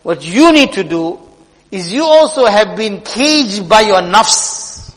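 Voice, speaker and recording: A man voicing a wise caged pet parrot that gently teaches its master, in an earnest storytelling tone. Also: high-pitched, expressive, takes it slowly, full character voice. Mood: admonishing. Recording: long hall reverb.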